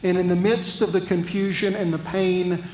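A man preaching a sermon as pastor, earnest and reflective, with thoughtful pauses. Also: sits high, little pitch movement, a little mellow, echoey room, long reverb tail, a little hiss or hum, rough recording. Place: church.

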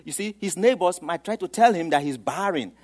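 A man delivers a sermon in a somewhat high voice. He moves between hushed, low asides and loud, emphatic declarations. He acts out the voices of the people in his story. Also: lively intonation, fairly quick. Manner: dramatic, swings from soft to loud, acts out quoted voices. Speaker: preacher.

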